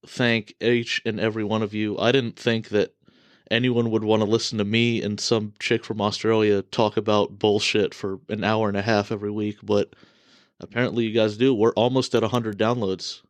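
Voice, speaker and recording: A man's voice: fairly low pitch, little pitch movement, moderate pace, no echo. An American man co-hosting a podcast, trading blunt, profane, teasing banter. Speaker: podcast co-host.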